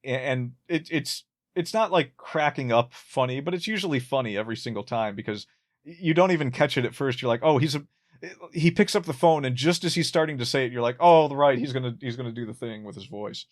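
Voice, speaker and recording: Here a podcast co-host discusses a classic sitcom in a fast, mid-range voice with lively intonation. The chat is casual and meandering, with frequent restarts and chuckles at his own humor.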